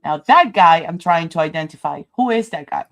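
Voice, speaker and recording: A woman's voice: fairly low pitch, animated, fairly quick. A woman livestreaming commentary who talks straight to her viewers in an emotional, rambling way, stopping often to walk them through video footage. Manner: narrates video footage step by step.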